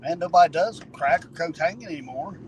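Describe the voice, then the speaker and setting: A man's voice: a little high, fairly quick, slight background noise, low-quality recording. A man riding along as co-host, agreeable and dropping dry jokes. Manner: agreeable, dry joking asides. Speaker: co-host passenger. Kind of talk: casual banter. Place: in a car at night.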